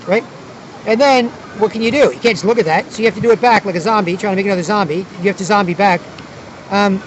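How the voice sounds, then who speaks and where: A man's voice: high voice, quick pace, slight background noise, poor audio. A man vlogging outdoors at a city square, talking in a rambling, repetitive way with many restarts. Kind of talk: casual outdoor monologue.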